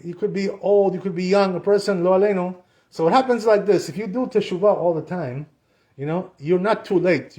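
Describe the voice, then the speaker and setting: High-voiced man teaching a casual Torah class. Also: mellow. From Sephardic Jewish community. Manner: conversational, repeats "you know" and acts out quotes.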